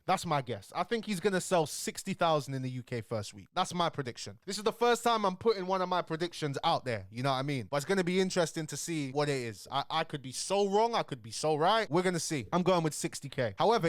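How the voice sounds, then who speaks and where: Chatty young British streamer, dry close sound. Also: male voice, a little high, no room sound. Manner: chatty and animated, slangy, addresses viewers directly. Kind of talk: casual music commentary.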